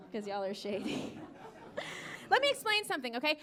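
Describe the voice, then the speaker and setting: An American woman in her thirties works a live comedy stage on a handheld mic. Her voice sits high and bright, with a bold pitch that leaps up and down. She is brassy and sassy, chuckles at her own punchlines, and slips into voices. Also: sing-song, moderate pace, a faint crowd. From United States. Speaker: stand-up comedian.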